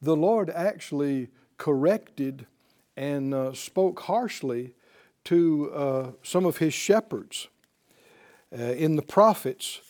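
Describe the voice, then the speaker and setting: Male preacher, high voice that swings widely, call-and-response sermon to a live audience. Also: takes it slowly. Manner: animated, asks the audience questions for call-and-response. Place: teaching before a live audience.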